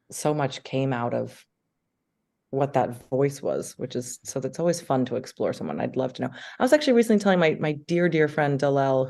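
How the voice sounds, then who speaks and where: A woman, an actress, chatting eagerly as an interview guest, full of filler words and quick asides. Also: rumbling low, gravelly, warm tone. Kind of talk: casual interview chat.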